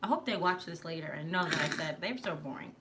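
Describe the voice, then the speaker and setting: A woman's voice: on the low side, expressive, fast, noisy background. A woman with a Long Island New York accent, chatting and telling rambling stories as host of a home livestream. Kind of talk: casual chat on a livestream. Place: living room at home.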